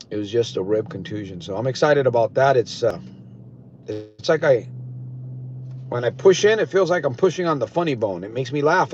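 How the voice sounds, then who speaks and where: A man's voice: mid-range voice, a little mellow, a little hiss or hum. An older man coaching listeners on a live stream, talking in an earnest, repetitive, preaching way. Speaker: recovery coach. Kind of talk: motivational live-stream talk. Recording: dull lo-fi live-stream audio.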